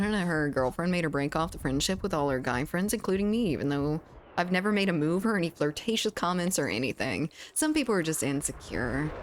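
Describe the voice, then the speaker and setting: A woman's voice: on the low side, a little hiss or hum. A woman streaming a shooter game, chatting casually with her viewers and reading their messages aloud. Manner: chatty, reads chat aloud, laughs often. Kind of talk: casual gaming stream chat.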